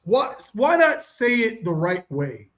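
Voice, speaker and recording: A man's voice: sits high, very animated, slow, dull audio. A man hosting a podcast in casual, slangy, laughing chat. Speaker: podcast host.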